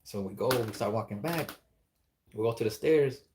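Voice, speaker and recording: A man's voice: medium pitch, normal speed, background noise. A man telling a spooky story in a casual, rambling, profane way, acting out the dialogue as he goes.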